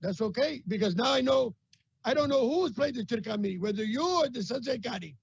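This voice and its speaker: A man co-hosting a video call with comedic banter, talking in halting bursts and repeating his words. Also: very high voice, animated, creaky, husky, no room sound. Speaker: co-host. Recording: dull lo-fi video call audio.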